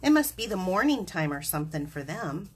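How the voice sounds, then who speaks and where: A woman's voice: lowish voice, very animated, brisk, slight background noise. A woman hosting a live craft demonstration, chatty and giggly, explaining each step as she works.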